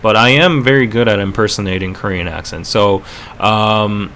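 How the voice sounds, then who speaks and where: A man's voice: fairly low pitch, moderate pace, a bit bright, slight background noise. A man hosting a casual livestream podcast with a North American accent, rambling and chatty with lots of fillers. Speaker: podcast host.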